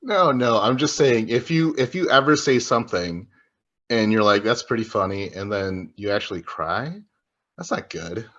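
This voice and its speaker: A man's voice: fairly low pitch, animated, normal speed, a bit bright, muffled recording. A man co-hosting a podcast, chatting casually and profanely about a reality show, joking and rambling. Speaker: podcast co-host. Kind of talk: casual podcast recap chat.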